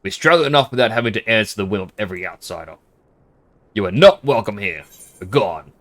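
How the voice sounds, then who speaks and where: A man doing a gruff, hostile village leader. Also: on the low side, expressive, fairly quick, a bit bright. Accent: Australian. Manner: curt, hostile, commanding. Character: gruff, unwelcoming male settlement leader.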